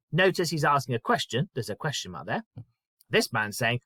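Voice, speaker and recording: A man teaching a primary school lesson in a clear, patient way. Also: medium pitch, brisk, no echo. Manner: clear, patient explaining with lively emphasis. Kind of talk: recorded lesson.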